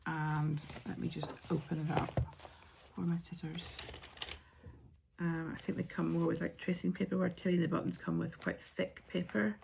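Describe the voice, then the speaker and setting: A woman hosting a craft podcast, chatting casually with many ums and soft asides as she shows yarn and patterns. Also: lowish voice, flat delivery, normal speed, gravelly, heavy background noise.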